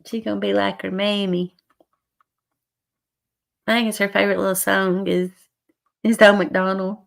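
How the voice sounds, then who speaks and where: A hoarse middle-aged woman, hosting a casual livestream chat with viewers and laughing often. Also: mid-range voice, flat delivery, moderate pace. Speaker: livestream host.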